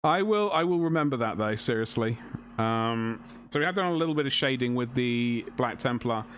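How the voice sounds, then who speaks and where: A man's voice: mid-range voice, lively intonation, moderate pace, fairly bright tone, smooth, dry recording. A man chatting casually to a live-stream audience while painting miniatures, joking with mock outrage.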